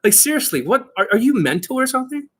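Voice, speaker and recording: A man's voice: very high voice, sing-song, fast talker, fairly bright tone. A man hosting an unscripted coaching Q&A, talking in a blunt, aggressive and profane way. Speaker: dating coach host.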